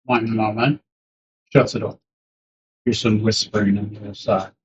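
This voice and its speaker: A man's voice: on the low side, flat delivery, moderate pace, noisy background. A man narrating a tabletop game as game master, rambling with many fillers. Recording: dull lo-fi recording.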